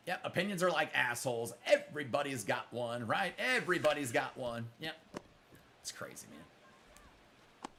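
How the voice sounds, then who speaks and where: Gravelly, bright-voiced streamer man. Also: on the high side, slight background noise. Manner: blunt, profane, combative toward trolls; chummy, calls viewers brother and man. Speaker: gaming streamer host. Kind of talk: live stream chat while playing. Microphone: close microphone.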